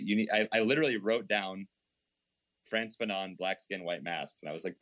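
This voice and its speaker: A man in casual conversation who talks in a relaxed, loose way and builds his point as he goes. His voice sits fairly low. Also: a little fast, no echo, poor audio.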